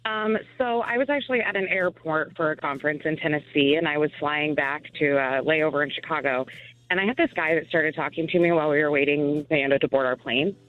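Male caller, slightly high voice, dry close sound, calm story. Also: fairly quick, dry recording, phone-quality sound. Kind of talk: telling a story on air.

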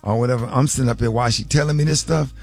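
A man's voice: mid-range voice, rapid-fire, vocal fry. A man in a casual panel chat, telling stories in a colloquial way with lots of restarts. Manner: animated storyteller, colloquial, repeats and stumbles.

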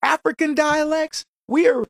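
A man hosting a radio talk show, delivering an animated, mocking, emphatic opinion monologue. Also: very high voice, normal speed, creaky, no echo, clean studio sound.

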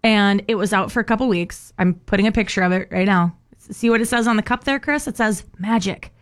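A woman's voice: medium pitch, fairly quick. A woman co-hosting a radio show, chatting casually and playing up her sorrow with dramatic exaggeration.

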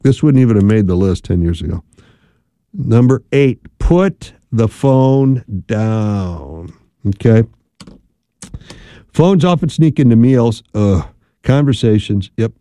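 Middle-aged guy on talk radio, very dark mellow voice, dry close mic, rambly and chatty. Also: mid-range voice, dry recording. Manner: chatty, rambling, animated asides. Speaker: radio host and marriage counselor.

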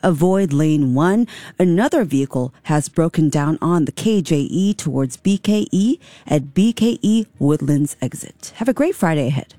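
Female radio co-host, low mellow voice, chatty storyteller, dry studio. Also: animated, moderate pace, no echo. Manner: conversational, tells anecdotes. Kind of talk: radio talk show chat. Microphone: studio microphone.

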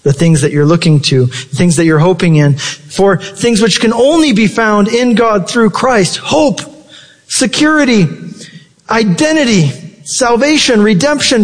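A man preaching a sermon with passion, his voice leaping up for emphasis. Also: long reverb tail. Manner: impassioned preaching with sudden high-pitched emphasis. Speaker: pastor.

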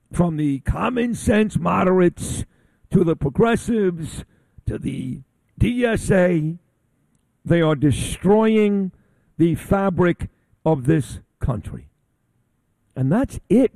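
A man's voice: on the high side, vocal fry, mellow, no echo. A man hosting a radio talk show, ranting bluntly and combatively with insults, broadcasting on location from a convention.

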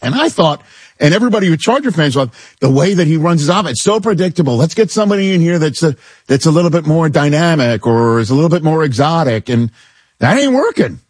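A man hosting a sports talk show, giving opinions in an animated, incredulous way as he riffs with his co-hosts. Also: a little high, fast, slightly rough, no room sound, studio quality.

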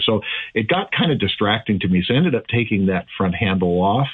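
A lower-voiced man with a husky tone chats casually on a call-in radio show, explaining shooting gear as the resident expert. He comes through a thin, phone-like line and likes to laugh at his own jokes. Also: animated, quick pace.

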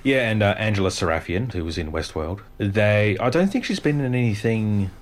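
A man's voice: lowish voice, animated, normal speed. A man chatting casually about films, trailing off and restarting his sentences.

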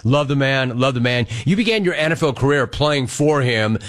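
An enthusiastic man hosting a sports talk show, laughing easily as he sets up his questions. His pitch sits in the middle for a man. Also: lively intonation, normal speed, fairly bright tone. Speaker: radio host.

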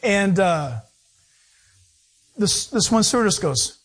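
Middle-aged male pastor, husky high voice, playful storyteller mid-sermon. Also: slow. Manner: storytelling, animated, playful asides.

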